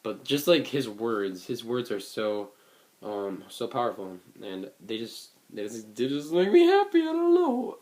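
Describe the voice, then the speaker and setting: A man's voice: mid-range voice, sing-song, normal speed, a little mellow. Earnest rambling teenage guy. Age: late teens. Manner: earnest, rambling, with many fillers and restarts. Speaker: vlogger. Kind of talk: casual reflective vlog.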